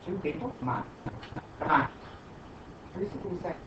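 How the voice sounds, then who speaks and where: A man's voice: sits high, lively intonation, normal speed. A male math teacher questioning and coaxing his students through a problem in class. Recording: echoey classroom from far off, dull, light noise.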